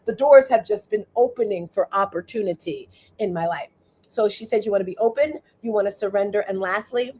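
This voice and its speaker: A woman hosting a motivational livestream, chatty and animated, often asking her viewers "right?" and speaking straight to them. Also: fairly high pitch. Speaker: livestream host.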